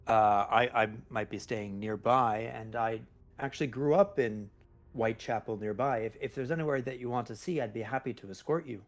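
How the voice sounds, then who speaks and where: A man playing a tabletop role-playing game, speaking in character as a courteous, hesitant gentleman who often restarts his words. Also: medium pitch, fairly quick, soft background music. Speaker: player.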